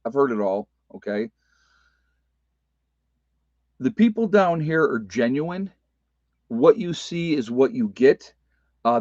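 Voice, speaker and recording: A man's voice: mid-range voice, a little mellow, no room sound, lo-fi sound. A man talking casually to his viewers in a folksy, emphatic way, often repeating himself and using fillers. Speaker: prepper vlogger. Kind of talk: casual chat to viewers, reading live comments. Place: rural off-grid homestead.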